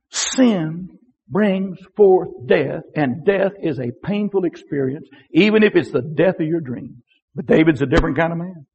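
A male preacher, delivering a sermon with impassioned swings between loud outbursts and hushed words, and many rhetorical questions. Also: sits high, lively intonation, moderate pace, husky.

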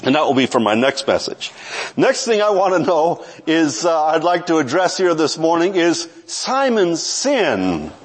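A man's voice: fairly high pitch, very animated, a little slow, husky. A man preaching a sermon to a congregation, talking in a conversational way and often restarting his phrases. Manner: conversational, self-correcting, with frequent restarts. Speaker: pastor.

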